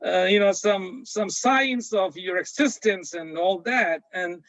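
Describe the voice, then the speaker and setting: A man reading a sulking pastor at heaven's gate: high, upset, muffled. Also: slow, a bit bright, dry recording. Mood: aggrieved. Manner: complaining, upset. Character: angry devout male pastor in heaven.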